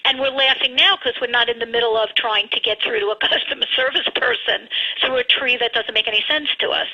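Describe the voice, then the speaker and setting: A woman with a very bright, slightly higher voice and a husky edge speaks emphatically as a radio guest. She comes through a dull, lo-fi phone line. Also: fairly even intonation, a little fast. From United States. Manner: emphatic, advice-giving, frank opinions. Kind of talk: radio interview over the phone.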